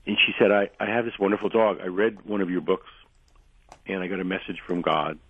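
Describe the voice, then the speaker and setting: A man guest on a radio show telling long anecdotes in a rambling way, losing his voice and clearing his throat often. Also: low voice, level tone, a little fast, no echo. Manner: rambling anecdotal storyteller, frequent restarts. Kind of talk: radio interview, storytelling. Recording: dry narrow phone-line sound.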